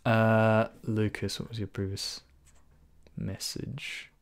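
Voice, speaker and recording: A man's voice: on the low side, level tone, slow pace, creaky. A man live-streaming a programming session, thinking aloud, trading jokes with viewers and chuckling often. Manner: muses aloud, weighs names, chuckles often. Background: computer keyboard typing.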